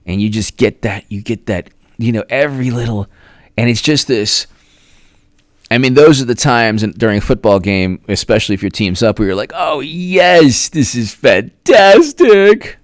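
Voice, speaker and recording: A man's voice: fairly low pitch, fairly quick, no room sound, clean studio sound. A man hosting a casual live stream, rambling as he thanks viewers by name and now and then drawing words out in a sing-song. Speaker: political commentary host. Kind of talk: casual livestream chat.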